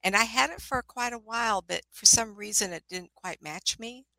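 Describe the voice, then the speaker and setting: A woman's voice: a little high, moderate pace, vocal fry, bright, forceful tone, no room sound, poor audio. An older woman, a spiritualist minister and ghost investigator, telling rambling anecdotes in a casual chat, often laughing and restarting her sentences.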